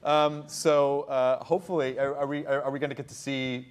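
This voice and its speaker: It's a relaxed interview on a talk show, where the male host rambles, bubbles over and laughs a lot with his guest. He speaks at a normal speed in a smooth, level, mid-range voice.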